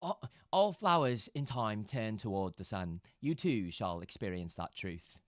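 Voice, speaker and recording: A man voicing a devout young male cleric of the sun, speaking slowly in a solemn, archaic way. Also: on the low side, animated, no room sound, studio quality, pitched below the performer's own voice.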